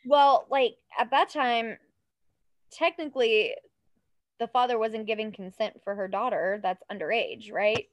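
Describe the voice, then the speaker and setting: A woman co-hosting a podcast, telling a story in casual chat, animated, laughing often and tripping over words. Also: on the high side, unhurried, no room sound. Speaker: podcast co-host.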